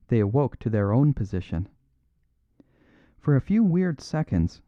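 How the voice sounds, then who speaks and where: A man narrating a classic mystery audiobook in a measured, even storytelling manner. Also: mid-range voice, no echo, highs cut off.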